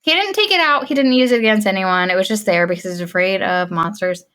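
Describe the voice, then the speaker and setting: A woman's voice: mid-range voice, quick pace, clear, resonant tone. Woman podcast co-host, chatty recap, acts out the characters' lines. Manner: animated storyteller, acts out quoted lines; laughs often. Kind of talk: casual chat recapping a film.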